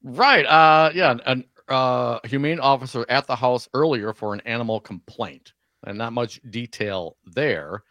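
A man co-hosting a talk radio show, indignant and excitable, tripping over repeated words. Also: mid-range voice, a little slow, dry recording. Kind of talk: opinionated talk radio banter. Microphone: studio microphone.

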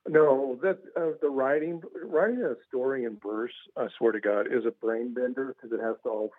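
A man's voice: mid-range voice, moderate pace, dry recording. A man calling in as a guest author, talking casually and rambling with lots of restarts. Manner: rambling, repeats words, laughs at his own stories. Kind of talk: casual radio interview. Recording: tinny phone line.

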